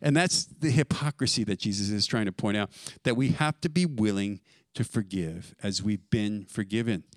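A man preaching a sermon as pastor, emphatic and building to loud stresses on key words. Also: lowish voice, moderate pace, no room sound.

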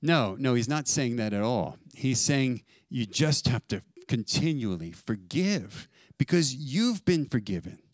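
A man preaching a sermon as pastor, emphatic and building to loud stresses on key words. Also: mid-range voice, big pitch swings, unhurried, dry recording.

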